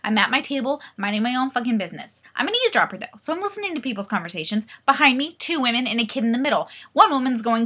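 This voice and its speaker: Bright, animated young woman telling a story. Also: fairly high pitch, fast, few pauses, slightly rough. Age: 20s. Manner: animated, profane, acts out quoted voices. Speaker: vlogger. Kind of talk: comedic storytelling vlog.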